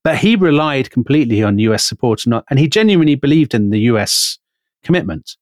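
A British man co-hosting a podcast, telling a history story in an animated way. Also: mid-range voice, a little fast, no echo. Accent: British English. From Britain. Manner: animated, storytelling, quotes figures with emphasis. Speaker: podcast co-host.

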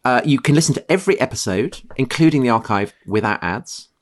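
A man co-hosting a conversational history podcast, talking with animated emphasis and reading passages aloud. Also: medium pitch, brisk. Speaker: podcast co-host.

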